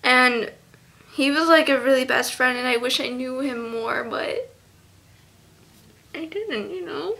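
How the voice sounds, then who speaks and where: A teenage girl vlogging a tribute to a lost friend, halting and close to tears, with many fillers. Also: high-pitched, creaky. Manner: halting, soft, full of fillers. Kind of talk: tearful memorial vlog.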